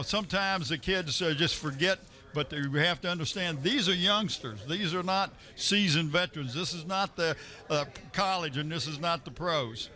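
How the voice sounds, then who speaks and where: A man commentating a local high school football game in a chatty, folksy way, joking with his partner. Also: sharp tone. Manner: chatty, folksy, laughs easily. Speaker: sports commentator. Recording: local cable broadcast.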